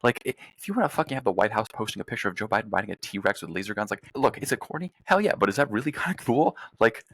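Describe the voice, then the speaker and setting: Fast-talking young man, gravelly voice. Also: on the low side, expressive, fairly bright tone, no room sound. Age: young adult. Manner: fast, profane, emphatic ranting. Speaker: podcast host. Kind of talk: casual political chat.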